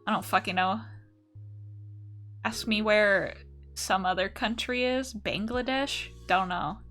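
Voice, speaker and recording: A woman's voice: mid-range voice, slow, a bit bright, soft background music. A young woman from the United States chatting casually and profanely while answering chat on an art stream.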